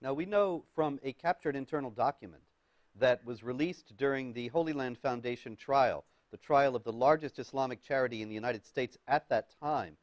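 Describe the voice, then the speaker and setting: A man interviewing a guest in a political talk, asking long questions and quoting documents at a measured pace. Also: medium pitch, no echo. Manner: measured, reads quoted documents, some hesitations.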